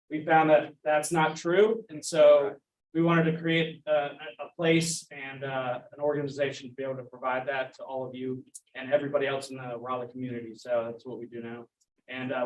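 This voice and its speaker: A man giving an earnest, slightly halting award acceptance speech. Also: mid-range voice. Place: large hall. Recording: echoey hall, voice from far off.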